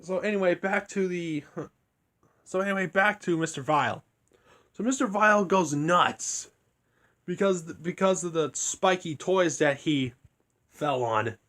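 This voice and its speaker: A young man quietly retelling a story in a rambling, casual review, keeping his voice down so he won't wake anyone. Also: high-pitched, unhurried. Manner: rambling, hushed to keep from waking others.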